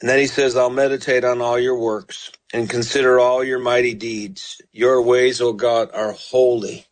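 A man's voice: flat delivery, moderate pace. A man preaching on a radio broadcast, reading scripture aloud and earnestly pleading with listeners. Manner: earnest, pleading, rises in pitch voicing the psalmist. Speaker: radio preacher taking calls.

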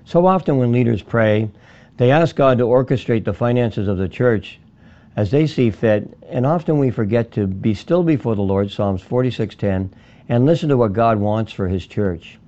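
A man reading a scripted devotional radio spot in a calm, instructive way, citing scripture references. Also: mid-range voice, moderate pace, dull audio. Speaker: radio ministry spot narrator.

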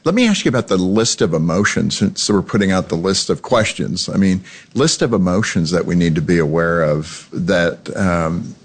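A man's voice: sits low, animated, moderate pace, few pauses, breathy edge. A man hosting a conversation, talking casually and thinking aloud as he asks questions. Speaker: radio show host. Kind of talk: conversational interview.

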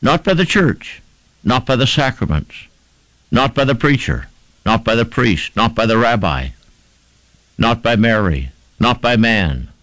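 A man's voice: medium pitch, very animated, measured pace, a bit bright, dry recording, low-quality recording. A man preaching a sermon, stressing his points and repeating phrases in rhythmic lists.

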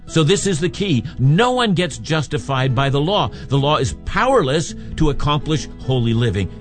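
A man preaching a sermon, reading scripture aloud and explaining it verse by verse with emphatic points. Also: on the high side. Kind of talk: radio Bible teaching.

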